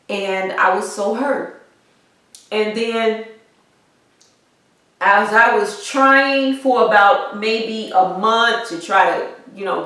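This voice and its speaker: A woman vlogger telling a personal story in a halting way, repeating herself as she talks through grief and pushes on, over a weak microphone. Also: medium pitch, a bit bright, far from the mic. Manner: halting, repeats herself, grieving but pushing on. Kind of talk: personal vlog, emotional storytelling. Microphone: weak built-in microphone. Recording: echoey room, voice off-mic.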